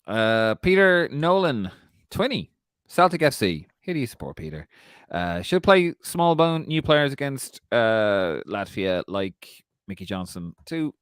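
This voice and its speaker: A man's voice: medium pitch, very animated, measured pace, a bit bright, clean tone, no room sound, studio quality. A man co-hosting a casual podcast, swearing and laughing as he tells stories and reads listener questions. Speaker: podcast co-host.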